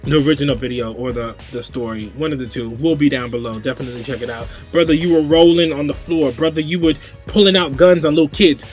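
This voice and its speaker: A man's voice: medium pitch, fast, few pauses, soft background music. Agitated rambling young man. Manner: agitated, rambling, repeats himself. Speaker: vlogger host. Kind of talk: casual rant to camera.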